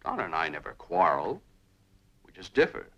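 A proud, thin-skinned family doctor and dad who jabs back with dry sarcasm. His voice leaps up and down as he protests, in 1950s sitcom fashion. The old TV soundtrack carries a steady hiss. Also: deep voice, normal speed, muffled recording. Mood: sarcastic. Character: proud middle-aged father, touchy and sarcastic.

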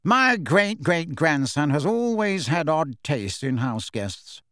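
A reedy, haughty old wizard in a painting, as a male reader puts him on, drawling with languid boredom. Slow and dry, close to the mic. Audiobook storytelling. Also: fairly high pitch, sing-song, a bit bright, no room sound, heavily acted.

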